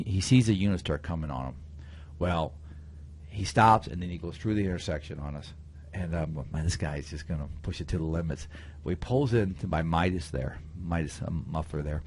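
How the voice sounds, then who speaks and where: A man, a county sheriff, telling a story in a folksy, animated way on a radio show in a studio. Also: low-pitched, breathy edge.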